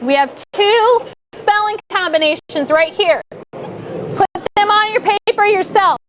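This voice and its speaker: A woman's voice: very high-pitched, measured pace, noisy background. A woman teaching a classroom, coaxing pupils through call-and-response prompts. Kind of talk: classroom instruction.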